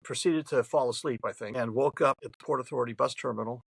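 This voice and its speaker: Podcast guest, man in his 70s from New York State, gravelly voice, rambling anecdotal storyteller, dry close recording. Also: mid-range voice, quick pace, no echo, poor audio. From New York State, USA. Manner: chatty, rambling, frequent restarts.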